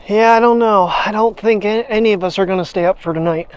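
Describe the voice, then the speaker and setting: A man's voice: high-pitched, fairly quick, few pauses, smooth. A man vlogging casually outdoors while walking his dog, rambling, chuckling and talking to the dog as he goes, on a clip-on mic. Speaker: daily vlogger. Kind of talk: casual chat. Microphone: wireless clip-on mic.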